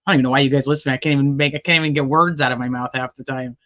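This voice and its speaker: A woman's voice: rumbling low, fairly even intonation, very fast, a bit bright, a little hiss or hum. Woman, live-stream host, rambling casual chat, greets viewers, muffled lo-fi audio. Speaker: livestream host.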